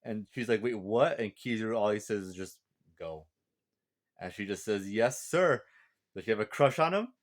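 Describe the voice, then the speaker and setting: A man's voice: fairly low pitch, animated, fast, hardly any pauses. A man hosting a casual spoken review of a comic chapter, laid-back and chuckling often, with plenty of fillers. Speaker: manga review channel host.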